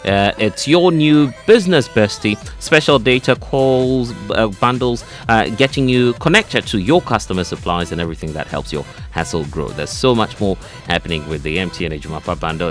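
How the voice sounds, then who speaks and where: A Ghanaian man with a low voice co-hosts a morning radio show. He reads live ads in an upbeat, chatty way, peppered with fillers, with faint music playing underneath. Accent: Ghanaian English. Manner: upbeat ad pitch with frequent fillers. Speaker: radio co-host. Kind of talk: radio banter and live ad read.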